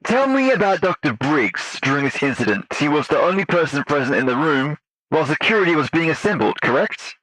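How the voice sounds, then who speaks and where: A man voicing a male agent who runs a post-incident interview with calm, procedural questions. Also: fairly high pitch, fairly quick, no room sound, rough recording. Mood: interrogating.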